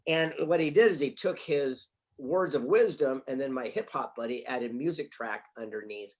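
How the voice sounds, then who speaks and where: A man's voice: mid-range voice, normal speed. Man, middle-aged, interview guest, anecdotal storyteller, mid-range voice. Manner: anecdotal, laughs through punchlines. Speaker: guest author and speaker.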